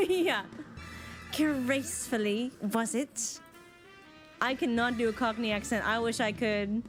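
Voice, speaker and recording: A woman gaming streamer giving casual, animated commentary while she plays, reacting freely and swearing now and then. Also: on the high side, moderate pace. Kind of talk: casual let's-play commentary. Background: faint game music.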